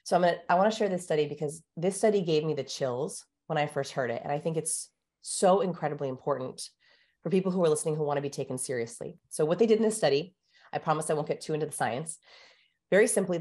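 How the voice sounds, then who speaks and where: Woman guest with a fairly low voice, explains things energetically like a teacher. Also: darkish tone. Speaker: guest communication researcher. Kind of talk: explanatory interview talk.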